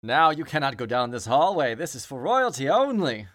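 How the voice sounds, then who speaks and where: A man's voice: mid-range voice, big pitch swings, normal speed, a bit bright, no echo, studio quality. A man doing a dim, lustful young prince. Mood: oblivious. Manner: blunt, oblivious.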